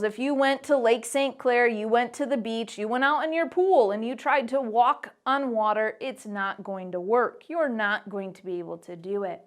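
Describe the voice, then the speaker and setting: In a church, a woman teaches kids a Bible lesson, telling the story in an animated, playful way. Her voice is on the high side.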